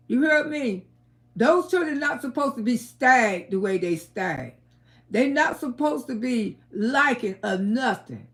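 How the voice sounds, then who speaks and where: A woman hosting a livestream, chatting casually and scolding bluntly with plenty of profanity. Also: a little high. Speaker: livestream host.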